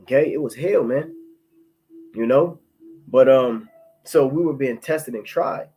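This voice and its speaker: A man's voice: mid-range voice, soft background music, poor audio. Man giving a profane, rambling testimony. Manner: profane, rambling, repeats words and restarts; reads scripture slowly and more loudly. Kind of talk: informal spoken testimony with scripture reading.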